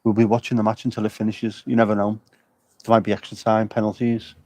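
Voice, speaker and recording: A man's voice: on the low side, flat delivery, fast, a little mellow, no echo. A man livestreaming from an outdoor air show, rambling and joking with his chat. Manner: jokey, rambling banter with chat.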